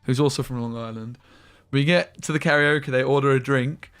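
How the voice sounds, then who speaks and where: A man's voice: mid-range voice, steady tone, measured pace, long pauses, fairly bright tone, clean tone. A young man chatting casually while streaming a game, telling rambling stories with slang and the odd swear word. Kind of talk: casual live-stream chat over gameplay.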